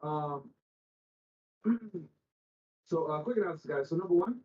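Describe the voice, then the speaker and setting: A man's voice: fairly high pitch, lively intonation, measured pace, mellow, reverberant, far from the mic, muffled recording. A man hosting a podcast, chatting casually with slang and swearing, loose and full of fillers. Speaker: podcast host.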